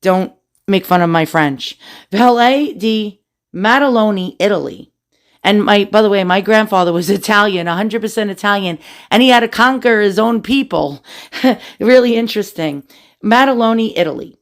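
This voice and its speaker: A woman's voice: mid-range voice, normal speed. A middle-aged woman hosting a family history video, reading war records aloud with chatty asides and jokes. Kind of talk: casual documentary narration.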